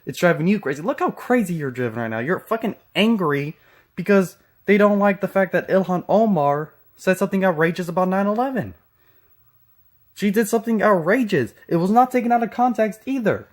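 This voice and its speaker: A man's voice: high voice, lively intonation, brisk. A man from Texas giving mocking, sarcastic reaction commentary with frequent profanity. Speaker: commentary channel host.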